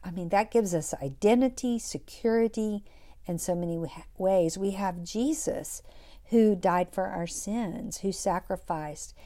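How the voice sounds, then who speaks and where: Slow, soft-spoken woman with a mellow voice. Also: medium pitch. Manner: soft-spoken, reflective, drops to a whisper on scripture. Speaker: podcast host. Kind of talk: devotional podcast talk.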